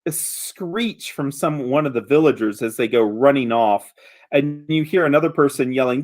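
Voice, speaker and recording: A man's voice: medium pitch, moderate pace, darkish tone, faint music behind. A man narrating scenes as game master of a tabletop game, with frequent hesitant fillers.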